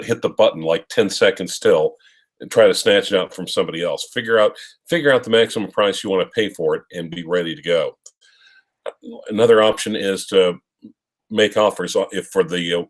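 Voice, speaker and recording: A man co-hosting a live stream, chatting casually and giving rambling advice with fillers. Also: deep voice. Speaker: co-host of a watch live stream.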